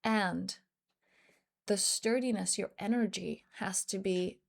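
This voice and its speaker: Woman coach, non-native English speaker, earnest motivational storyteller, mid-pitched voice. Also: a little slow, vocal fry. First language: not English. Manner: earnest, storytelling with quoted dialogue. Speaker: life coach. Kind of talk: motivational talk to camera.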